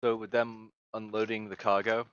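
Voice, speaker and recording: A man narrating as game master of a tabletop game, halting and hesitant as he describes scenes. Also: lowish voice, flat delivery, fairly bright tone, smooth, dry recording, lo-fi sound.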